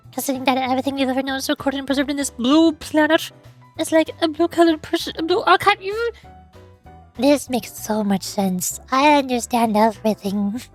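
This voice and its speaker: A woman's voice: sits high, darkish tone. A young woman streamer chatting casually and rambling, giggling often and stumbling over her words.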